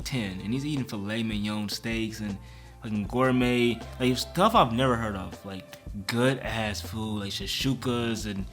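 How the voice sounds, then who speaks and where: A man's voice: mid-range voice, bright, forceful tone. A young man telling a storytime rant in a casual, profane, slangy way. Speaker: vlogger.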